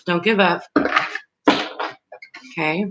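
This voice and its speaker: Woman tarot reader, bright tone, low-ish voice, loose and rambling, comforting to the audience. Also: extremely slow, muffled recording. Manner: reassuring, speaks directly to viewers. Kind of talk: live tarot reading stream.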